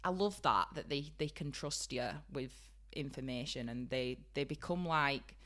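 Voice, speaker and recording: A bubbly woman with a broad Yorkshire accent chats and giggles through a podcast conversation. Her voice sits low for a woman but rings bright and forward. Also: moderate pace. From Yorkshire, England. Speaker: podcast co-host, beauty trainer. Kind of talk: casual chat.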